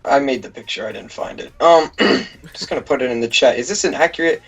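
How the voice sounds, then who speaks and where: A man co-hosting a podcast in casual chat, with quick, teasing banter. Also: mid-range voice, breathy edge, soft background music. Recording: dull, lo-fi mic.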